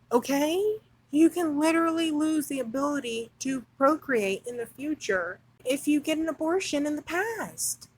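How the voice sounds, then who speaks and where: A woman's voice: high voice, poor audio. Indignant, sarcastic woman ranting. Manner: indignant, sarcastic, with scornful laughs. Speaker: commentary channel host. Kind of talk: reading aloud and ranting commentary.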